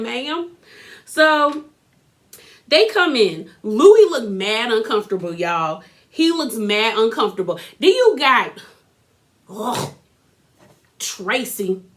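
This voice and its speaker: A woman with a high, fairly bright voice recaps a reality TV episode in a casual, sassy, chatty way, laughing often and tossing in mocking asides.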